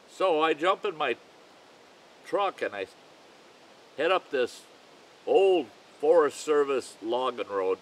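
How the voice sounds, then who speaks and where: An older man telling a folksy, rambling campfire story about his own past at an unhurried pace. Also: mid-range voice, very animated, low-quality recording.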